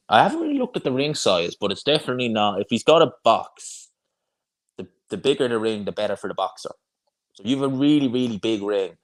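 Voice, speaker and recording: A young man talks casually on a live stream, answering viewer comments as he goes. He rambles and restarts his sentences, in a voice that sits a little low for a man. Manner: chatty, rambling, frequent restarts and fillers. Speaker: boxing YouTuber hosting a live watch-along.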